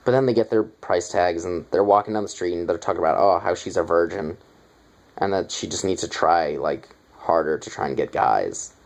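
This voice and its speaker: Young man, deep low voice, casual movie review, rambling, lots of fillers. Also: moderate pace, creaky, darkish tone, poor audio. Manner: rambling, filler-heavy retelling with asides.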